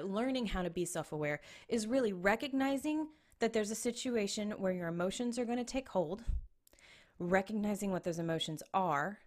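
Woman w a lowish voice talking thru advice, earnest and chatty, keeps asking okay?. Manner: earnest, conversational, checks in with "okay?". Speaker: relationship advice speaker. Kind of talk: casual advice talk.

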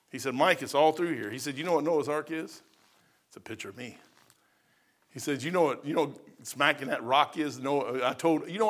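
A middle-aged man delivers a sermon, swinging between loud, shouted passages and quiet, low stretches.

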